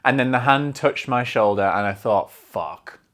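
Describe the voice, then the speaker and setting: A man hosting a solo film podcast, talking in an energetic, rambling way and swearing freely. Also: mid-range voice, moderate pace. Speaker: podcast host.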